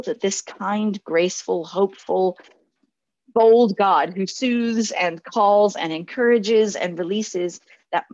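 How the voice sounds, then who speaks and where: A woman's voice: medium pitch, creaky, dry recording. A woman in her forties delivers a sermon in an earnest, reflective way, often circling back to restart a thought. The recording is dry, with no room sound, and slightly muffled. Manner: earnest, reflective, with frequent restarts and soft laughs. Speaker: pastor.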